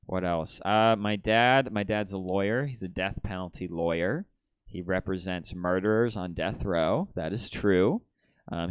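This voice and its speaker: A man doing a stand-up comedy set on a theater stage, shifting from deadpan storytelling to excited outbursts. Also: deep voice, smooth, dry recording.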